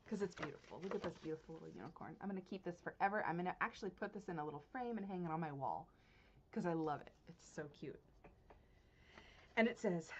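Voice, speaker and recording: A woman hosting a knitting podcast, chatting casually to her viewers, excitable and gushing, laughing often and swinging between hushed and loud. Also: on the low side, dull audio. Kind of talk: casual unboxing chat to viewers.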